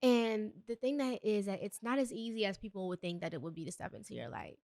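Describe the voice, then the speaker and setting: A woman's voice: medium pitch, fast talker, a little mellow, no echo, clean studio sound. A young adult woman hosting a solo podcast, talking earnestly and a bit preachy, with emphatic bursts. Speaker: podcast host. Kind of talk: solo motivational podcast talk.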